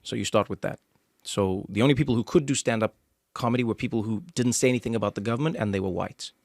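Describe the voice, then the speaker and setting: A man from South Africa with a South African accent, hosting and telling stories in an animated way. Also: on the low side, no echo, clean studio sound. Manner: animated storyteller, quick bursts. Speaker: podcast host. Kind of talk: storytelling conversation.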